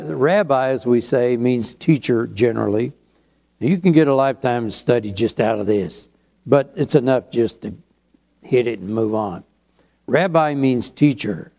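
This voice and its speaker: Pastor, male; slow, unhurried sermon delivery with a warm, mellow tone and chatty asides. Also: mid-range voice. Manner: slow, conversational preaching with asides.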